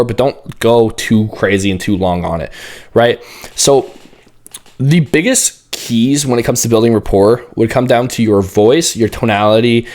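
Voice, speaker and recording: A young man who is an online fitness coach, teaching sales in casual talk to a camera. He talks with lively energy, swears freely and acts out call openings in a brighter voice. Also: medium pitch. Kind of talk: casual talking-head coaching. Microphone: camera facing the speaker, leaning in.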